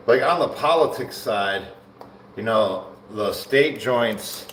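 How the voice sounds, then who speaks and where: Slow-talking, laid-back livestreaming man. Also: mid-range voice, expressive, a bit bright, a little hiss or hum. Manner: laid-back, slangy, laughs often. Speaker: bodybuilding livestreamer. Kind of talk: casual livestream chat while training. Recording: echoey room, mic far off, faint ambience.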